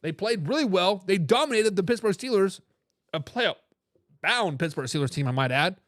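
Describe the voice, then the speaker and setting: A man's voice: high voice, moderate pace, no room sound, studio quality. A man hosting a live sports talk stream, arguing his picks with lots of energy and reading out viewer comments. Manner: animated, hype phrases, frequent restarts. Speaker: sports talk show host.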